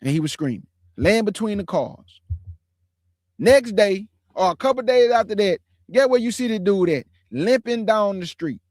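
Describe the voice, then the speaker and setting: A man's voice: high-pitched, expressive, normal speed, a little mellow, no echo, studio quality. A man in his forties giving a casual testimony to his online audience, preachy and emphatic, repeating phrases in slangy street talk. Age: 40s. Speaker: streamer.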